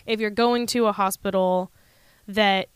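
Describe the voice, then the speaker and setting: A woman's voice: medium pitch, steady tone, measured pace, smooth, no room sound, clean studio sound. A woman in casual conversation, candidly telling a personal story and laughing often. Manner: candid, laughs often, quotes people in voices.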